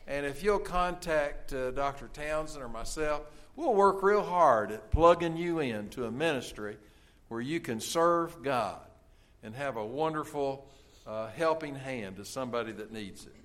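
A middle-aged man preaching a sermon as pastor, earnest and pleading, pausing with "uh" and softening at the ends of phrases. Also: a little high. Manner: earnest, pleading, with frequent "uh" pauses.

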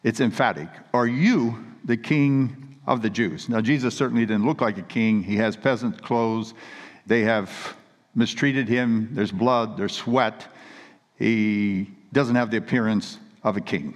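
A man's voice: lowish voice, measured pace. Man, preacher, earnest emphatic sermon, long hall reverb. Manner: earnest, emphatic storytelling with read scripture quotes.

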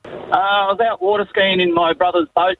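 A man's voice: sits high, flat delivery, moderate pace, a little hiss or hum. A man phoning in to a radio show, telling his story in a laconic, hesitant way. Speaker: caller. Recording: tinny phone line.

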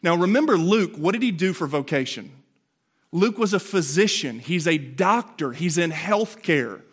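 A man's voice: fairly high pitch, expressive, moderate pace, slightly rough. A man in his forties giving an emphatic, conversational sermon as a pastor in a church sanctuary, often checking in with rhetorical questions. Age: 40s.

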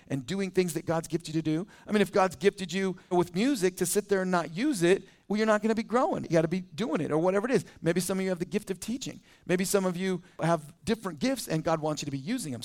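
High-voiced animated male preacher. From United States. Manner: conversational and animated, with quick asides and laughs. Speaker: teaching pastor. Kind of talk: sermon.

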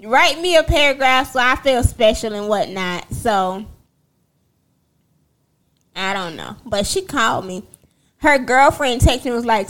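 Sassy, animated woman telling a story. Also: a little high, normal speed. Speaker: livestream host. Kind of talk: casual chat to viewers.

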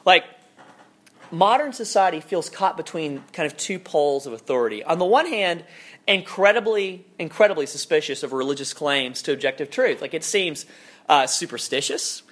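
A man's voice: fairly high pitch, lively intonation, moderate pace, fairly bright tone. A young man preaching a conversational sermon full of rhetorical questions. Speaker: pastor.

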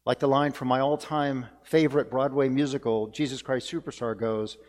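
A man's voice: medium pitch, steady tone, normal speed, a little mellow. A man delivering a sermon as pastor, earnest and reflective, repeating key phrases for emphasis. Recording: long reverb of a church hall.

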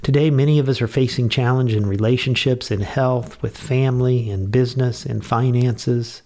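A man's voice: mid-range voice, fairly even intonation, moderate pace, dark tone. A man delivering a short devotional radio message, earnest and conversational, with bursts of enthusiasm. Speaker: pastor.

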